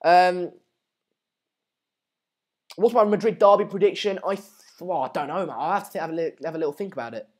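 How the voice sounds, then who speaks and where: A young man hosting a live football watchalong, chatting casually, reading out viewer messages and breaking into excited match updates. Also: sits high, fairly quick, pauses often. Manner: chatty, reads out and answers viewer messages, many fillers and restarts. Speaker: live stream host.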